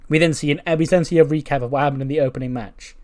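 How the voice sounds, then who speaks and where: A man's voice: fairly high pitch, steady tone, rapid-fire, a little mellow. Blunt, swearing man recapping a game. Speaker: game channel host. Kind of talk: casual game commentary.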